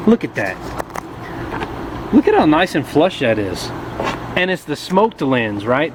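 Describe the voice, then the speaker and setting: A man's voice: medium pitch, noisy background. A man giving a casual how-to commentary as a motorcycle vlogger, joking as he works one-handed and holding the camera. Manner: chatty, joking, talks while working one-handed. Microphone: camera held in one hand.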